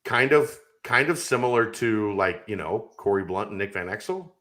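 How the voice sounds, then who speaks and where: A man's voice: lowish voice, animated, moderate pace, fairly bright tone. A man talking sports casually on a podcast as a guest, making his points emphatically. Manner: emphatic, argumentative.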